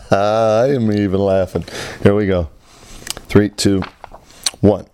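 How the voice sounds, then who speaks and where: A man's voice: lowish voice, fairly even intonation, takes it slowly, long pauses, mellow, clean tone. A man, a coach, recording himself as he tries to recite a nursery rhyme and keeps breaking into giggles.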